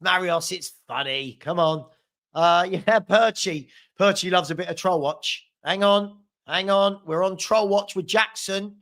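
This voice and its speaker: A man's voice: high-pitched, unhurried, fairly bright tone. A young man hosting a live football watchalong, reading out viewer comments with sarcastic banter. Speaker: fan channel host.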